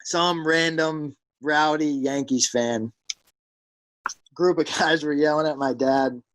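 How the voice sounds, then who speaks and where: On a rough recording, a young man from South Jersey speaks slowly in a voice on the high side. He's a professional pitcher appearing as an interview guest, casually spinning animated stories. He says "like" a lot and raises his voice to act out quotes.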